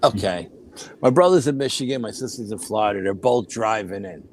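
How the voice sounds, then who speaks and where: An older man, a guest, telling a personal story in a casual, animated way, often acting out other people's words. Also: on the low side, brisk, slight background noise. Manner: animated, acts out quoted voices, frequent laughs.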